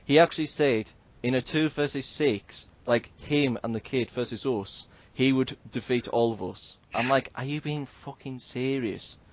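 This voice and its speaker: A man's voice: mid-range voice, normal speed, hardly any pauses, dull audio. A man, hosting a casual podcast and telling a story animatedly, swearing and mimicking others. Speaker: podcast host.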